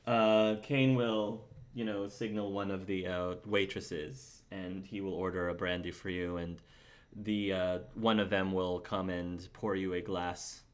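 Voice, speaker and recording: A man's voice: deep voice, fairly even intonation, a little slow. A man serving as game master, narrating a tabletop role-play audition casually with frequent fillers.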